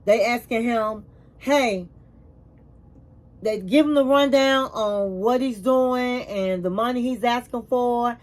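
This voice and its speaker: High-voiced chatty woman recapping a show. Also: takes it slowly. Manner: chatty storytelling, acts out quotes, calls viewers honey; emphatic repetition when reacting. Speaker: reality TV recap vlogger. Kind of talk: casual episode recap.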